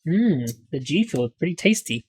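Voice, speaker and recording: Woman streamer, low voice, lively pitch, swears and jokes through game play. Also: moderate pace, slight background noise. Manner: swearing, joking, stumbling over words. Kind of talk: casual game commentary.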